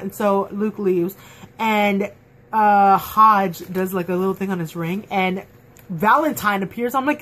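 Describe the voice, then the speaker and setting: A woman in a casual fan review, chatting at home in an excitable, gushing way full of fillers. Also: medium pitch, measured pace. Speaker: TV episode reviewer. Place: at home, dog nearby.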